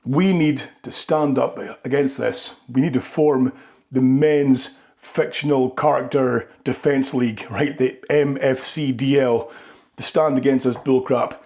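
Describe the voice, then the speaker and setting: A man's voice: medium pitch, steady tone, measured pace, darkish tone. Rambling man doing a comic rant. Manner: rambling, tags lines with "right?". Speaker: comedy vlogger. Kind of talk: comedic monologue.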